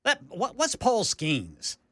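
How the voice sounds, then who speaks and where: A man co-hosting a talk radio show, eager and enthusiastic, quick to cheer the host on. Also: high voice, huge pitch swings, a bit bright, dry recording, clean studio sound. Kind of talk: casual studio banter.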